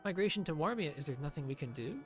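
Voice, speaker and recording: Man muttering and shouting over his game. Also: a little high, expressive, fast, faint music behind. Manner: sarcastic, swings from mutters to shouts. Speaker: streamer. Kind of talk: live gameplay commentary.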